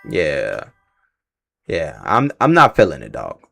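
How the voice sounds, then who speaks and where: A man's voice: very deep voice, huge pitch swings, slow pace, creaky, fairly bright tone, faint music behind. A man reacting to film casting news on a live stream, talking casually and muttering asides.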